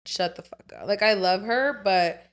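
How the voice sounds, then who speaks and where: Young woman co-host, mid-pitched, casual. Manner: reacts with quick exclamations, swears casually. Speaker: podcast co-host. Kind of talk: casual chat.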